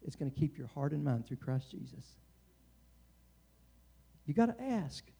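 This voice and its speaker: A man's voice: on the high side, sing-song, measured pace, creaky, dark tone, husky. A middle-aged man preaching a sermon in a conversational way, often restarting and stammering.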